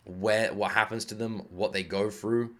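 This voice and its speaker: A man hosting an anime reaction video, talking in a rambling, excitable way, swearing freely and fighting off a lingering cough. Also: on the low side, a little slow. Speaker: anime reaction channel host. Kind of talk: casual reaction commentary.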